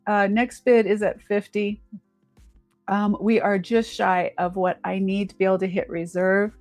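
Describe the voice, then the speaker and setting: A woman's voice: medium pitch, level tone, a little slow, darkish tone, faint music behind. A woman hosting a live jewelry auction stream, chatty and upbeat, talking straight to her viewers. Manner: chatty, upbeat, addresses viewers as "you guys". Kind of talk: live-stream selling chat.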